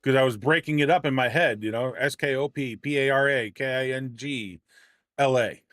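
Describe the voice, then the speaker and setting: A game streamer at his home setup chats casually with his livestream audience in a medium-pitched, fairly bright voice at normal speed. He rambles, trips over his words and pokes fun at himself, and the dry recording has studio quality.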